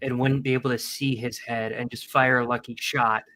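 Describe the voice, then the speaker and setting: A man's voice: mid-range voice, level tone, moderate pace, sharp tone, slight background noise. A drunk man co-hosting a casual podcast chat, blunt, profane and wry. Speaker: podcast co-host.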